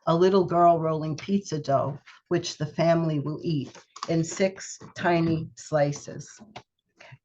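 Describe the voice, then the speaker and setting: A woman poet reading her poems aloud on a video call, in a measured, unhurried way. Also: deep voice, fairly even intonation, darkish tone, slight background noise. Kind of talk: poetry reading. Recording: muffled video call audio.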